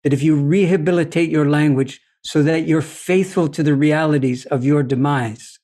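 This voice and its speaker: A man speaking as a podcast guest, talking in a deliberate, philosophical way and telling stories, often checking in with "you see?". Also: a little high, warm tone. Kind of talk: reflective conversational storytelling.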